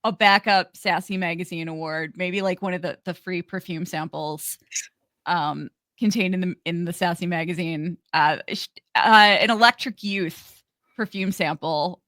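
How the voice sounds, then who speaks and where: A woman co-hosts a chatty podcast, breaking into giggles and restarting her sentences as she goes. Her voice is bright and ringing, and the recording is dry and close. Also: fairly low pitch, steady tone, no echo. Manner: giggly, halting, many restarts. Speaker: podcast co-host. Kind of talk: casual podcast chat.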